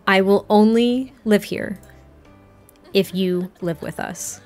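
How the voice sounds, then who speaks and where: A woman's voice: medium pitch, takes it slowly, a little mellow, soft background music, close to an everyday voice. A woman voicing Jane, a young mother who speaks heartfelt and sometimes teases dryly. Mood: tender. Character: young mother, warm and wry.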